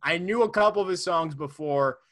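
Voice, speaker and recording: Young man, casual podcast chat, jokey, teasing, bright voice. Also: on the high side, fairly quick. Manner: joking, teasing, excitable. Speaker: podcast co-host.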